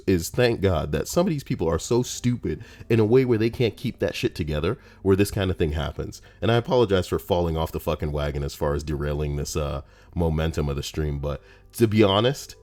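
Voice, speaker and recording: Deep-voiced man ranting on a stream. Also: brisk. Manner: rambling, profane, animated. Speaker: streamer reading Reddit posts. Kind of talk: casual livestream commentary.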